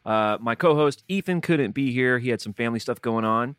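A man's voice: mid-range voice, expressive, fairly quick, a bit bright, clear, resonant tone, no echo. A man hosting a podcast in casual, rambling chat, full of fillers and jokes. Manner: rambling, filler-heavy and jokey. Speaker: podcast host.

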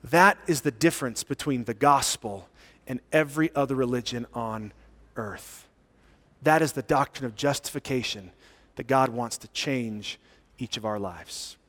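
A man preaching a sermon as pastor, telling stories with animated rises and hushed drops for emphasis. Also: mid-range voice, unhurried, big-room sound. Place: church sanctuary.

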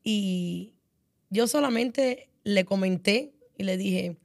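A woman's voice: medium pitch, vocal fry, a little mellow, no room sound, studio quality. Woman with a heavy Cuban accent. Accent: heavy Cuban Spanish. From Cuba. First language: Spanish. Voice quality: halting, searching for words, broken English. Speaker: podcast guest. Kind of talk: casual chat.

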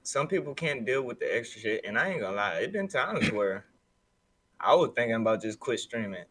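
Animated young male streamer. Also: brisk, a little hiss or hum. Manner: animated, slangy, voice jumps high when excited. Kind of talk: casual podcast chat.

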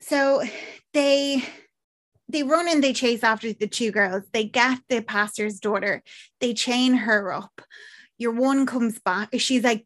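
Animated Irish woman recapping a film. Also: fairly high pitch, takes it slowly. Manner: animated storyteller, acts out characters, swears freely. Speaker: podcast co-host. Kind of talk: casual chat recapping a film.

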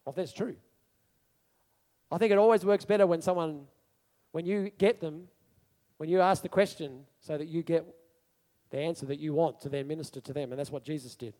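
A male preacher giving a sermon in an animated storytelling manner, asking his congregation questions. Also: fairly high pitch, normal speed, long pauses, in a large hall.

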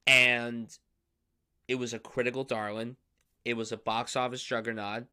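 Young man, podcast host, bright tense voice, enthusiastic, emphatic, casual chat. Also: medium pitch, level tone, moderate pace, clean tone. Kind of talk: casual film discussion.

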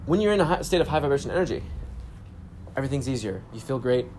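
Young male vlogger, relaxed storyteller, casual profanity, spiritual sign-offs, mid pitch. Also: quick pace, background noise. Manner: laid-back, swears freely, spiritual catchphrases. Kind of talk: casual self-help vlog storytelling. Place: grocery store trip, talking on the go.

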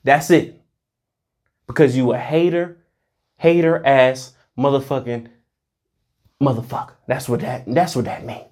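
A vlogger delivering a heated, profane monologue that swings between loud outbursts and muttered asides. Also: mid-range voice, fairly even intonation, measured pace, long pauses. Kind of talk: ranting monologue to camera.

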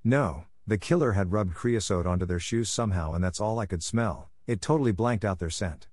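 A man's voice: fairly low pitch, brisk, a little mellow, no room sound, studio quality, natural voice. A man voicing a kindly female dog who keeps the peace, speaking earnestly. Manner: earnest, pleading.

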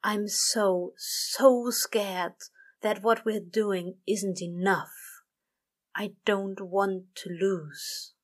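Crowley is a weary male demon, worn thin and frightened, as a woman reading a storybook puts him on. He mutters low and flat, drained and halting, with his voice sometimes dropping to a whisper. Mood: desperate.

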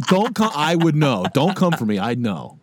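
A man's voice: fairly high pitch, noisy background. Playful young man riffing in chat. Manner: playful, riffs with mock quotes and asides. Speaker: podcast co-host. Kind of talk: casual comedic chat.

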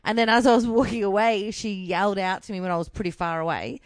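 A young woman with an Australian accent, co-hosting a casual chat and telling a story with animated swearing. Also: mid-range voice, quick pace, no room sound. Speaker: podcast co-host.

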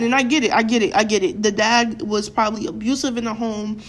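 A woman's voice: fairly high pitch, steady tone, a little fast, few pauses. A young woman ranting to her viewers in a blunt, profane, fired-up way, often repeating words for emphasis. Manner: fired-up, addresses viewers directly. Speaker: vlogger. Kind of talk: casual opinion rant to camera.

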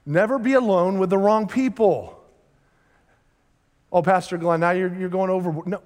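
Emphatic pastor with a high voice. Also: male voice. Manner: emphatic, acts out quoted voices. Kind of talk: sermon. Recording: long hall reverb.

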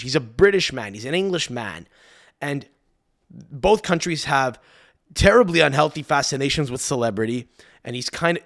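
A man's voice: medium pitch, a bit bright. A male podcast host talking solo in a loose, rambling monologue. He swears freely, trails off and restarts his sentences, and wanders into asides as he goes.

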